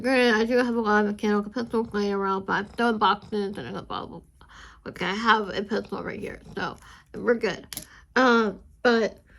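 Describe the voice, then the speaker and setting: A woman chatting casually with viewers while she inks a drawing, rambling and chatty, with a high squeaky voice. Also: a bit bright. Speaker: art channel host.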